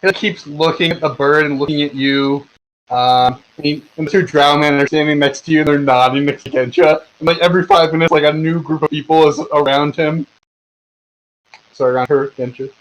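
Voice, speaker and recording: A man's voice: on the high side, fairly even intonation, fairly quick, poor audio. A man narrating a tabletop game as game master over voice chat, with lots of fillers and restarts. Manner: rambling, filler-heavy narration. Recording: online voice chat.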